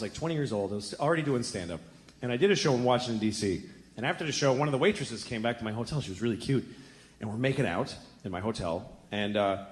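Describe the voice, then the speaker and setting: A man's voice: fairly low pitch, slight background noise. A man telling a story in a stand-up set, in a conversational way that builds to exasperation. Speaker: stand-up comedian.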